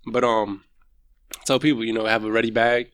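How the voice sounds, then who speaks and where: A man, a podcast guest telling stories in relaxed casual chat and laughing often. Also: fairly low pitch, moderate pace. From Puerto Rican background. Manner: laid-back storyteller, laughs often.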